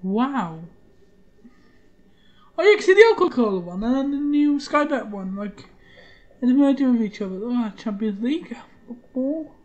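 A woman's voice: on the high side, animated, normal speed, pauses often, darkish tone, muffled recording. Rambling woman muttering through gameplay. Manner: rambling, muttering, swears casually. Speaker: gaming channel host. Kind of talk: casual let's-play commentary.

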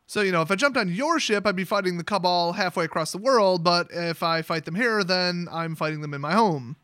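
A man's voice: high-pitched, a little fast, pushed and bright, no room sound, clean studio sound. A man voicing a dutiful, matter-of-fact woman knight in a comic retelling.

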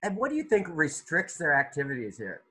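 A man's voice: on the high side, wildly swooping pitch, a little fast, pushed and bright, breathy edge, poor audio. A male art teacher leading an online class discussion, asking students questions by name, with loose, restart-filled phrasing. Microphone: video call.

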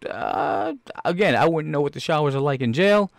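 A man hosting a podcast, reacting casually to a movie trailer in a rambling, excitable, profane way. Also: a little high, moderate pace, vocal fry. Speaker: podcast host.

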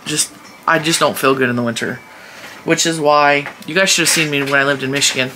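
Against a noisy background, a woman who runs a crochet channel does a casual chat vlog from her desk. Her deep voice stays fairly even and brisk as she rambles, laughs frequently and sounds congested from allergies.

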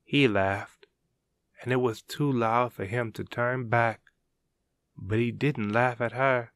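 Male narrator, slow, gravelly fry, dry close sound. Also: medium pitch, steady tone, a bit bright, dry recording. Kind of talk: audiobook story narration.

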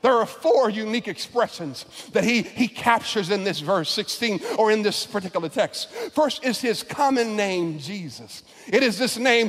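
A preaching pastor with a strikingly high voice, heard in a large church where his words ring with a long reverb. He restarts phrases and repeats words as he builds momentum, then rises to shouted peaks. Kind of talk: sermon.

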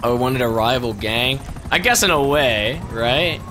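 This young gamer's mid-range voice is animated, bright and forceful, though a bit slow. He laughs, curses and yells at the game while chatting with a friend on a noisy stream.

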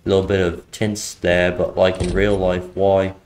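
A man's voice: deep voice, little pitch movement, moderate pace, a little mellow, slight background noise. A man casually commenting while playing a horror game, muttering jokey reactions as he explores. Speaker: gaming video host. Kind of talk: casual let's-play commentary.

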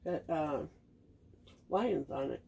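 Gravelly, soft-spoken woman gushing over baby clothes. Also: deep voice, expressive, slow pace, slight background noise. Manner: gushing and sentimental, soft-spoken with frequent fillers. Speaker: reborn doll collector and channel host. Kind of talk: casual unboxing chat to viewers.

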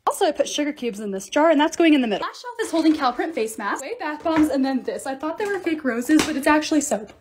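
A young woman narrating her home organizing projects in a chatty, excitable voice-over with quick asides. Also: sits high, background noise. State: hoarse, losing her voice. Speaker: lifestyle creator.

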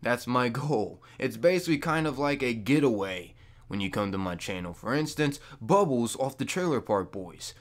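A young man making a casual gaming vlog into a microphone, loose and jokey, with loud high-pitched bursts when he mocks people. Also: lively intonation, normal speed. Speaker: gaming YouTuber. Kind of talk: casual talking-to-camera vlog. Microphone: desk microphone.

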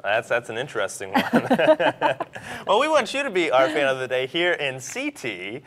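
A man's voice: mid-range voice, big pitch swings, normal speed, a bit bright. A young man co-hosting a morning TV show, joking and teasing, stumbling over his words a bit. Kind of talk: playful casual chat.

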